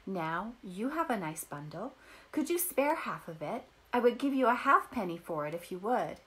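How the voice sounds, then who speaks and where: A woman's voice: medium pitch, sing-song, normal speed, fairly bright tone. Woman playing an aching old woman. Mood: weary. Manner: pleading, weary.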